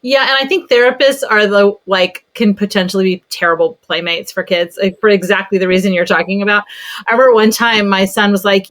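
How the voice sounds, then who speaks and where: Brief: woman therapist guest, lively storyteller, average pitch. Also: a little fast. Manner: animated storyteller, acts out voices. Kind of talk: casual conversation.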